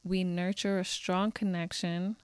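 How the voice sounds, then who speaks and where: A woman's voice: lowish voice, flat delivery, measured pace, clean tone, no room sound. A woman co-hosting a parenting podcast, talking in an earnest, candid and upbeat way. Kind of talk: casual podcast chat.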